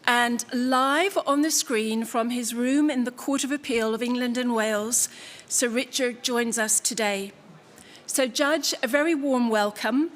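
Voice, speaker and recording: A woman chairs a conference session, introducing a speaker formally and graciously, with a touch of humour. Her voice sits a little high. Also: measured pace. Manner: formal, gracious, lightly humorous.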